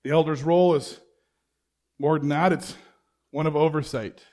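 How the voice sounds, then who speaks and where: A pastor with a somewhat high, darkish voice speaks at normal speed in a steady tone. His sermon is conversational, full of rhetorical questions for the congregation and acted-out dialogue.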